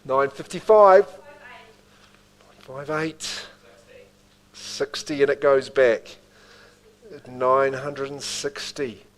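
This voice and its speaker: A man's voice: mid-range voice, fairly even intonation, very slow, long pauses, low-quality recording. A man with a New Zealand accent calling bids at a live property auction, with rhythmic bid calls and chatty asides to the room.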